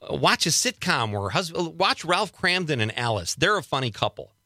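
A man's voice: on the high side, sing-song, moderate pace, sharp tone, no echo, studio quality. A man hosting a radio talk show, chatting casually and joking, laughing often between remarks. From Wisconsin.

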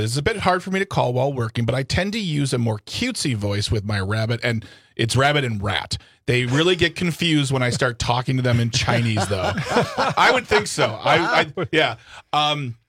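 A man's voice: mid-range voice, fairly bright tone, no echo, clean studio sound. A man co-hosting a radio talk show, wry and joking in casual chat. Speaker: radio co-host. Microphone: studio microphone.

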